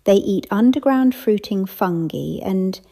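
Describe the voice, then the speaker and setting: A woman voicing a snobbish society woman who speaks in an overly posh, flat monotone. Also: mid-range voice, unhurried.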